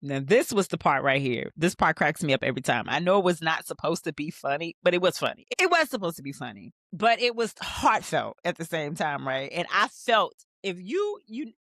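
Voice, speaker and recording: A woman hosting a rewatch show, recapping a TV episode in casual commentary and acting out the characters' lines, sometimes jumping into high excited bursts. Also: a little fast, few pauses, no room sound, clean studio sound. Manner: animated, acts out scenes in quoted voices. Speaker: rewatch podcast host.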